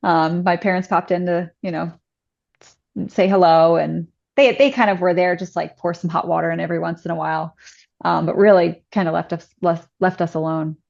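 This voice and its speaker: A woman's voice: on the low side, fairly quick, gravelly. Chatty woman with a dull, lo-fi sound. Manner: chatty, many "like" fillers, lively acted-out quotes. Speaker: podcast guest. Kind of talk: casual personal storytelling.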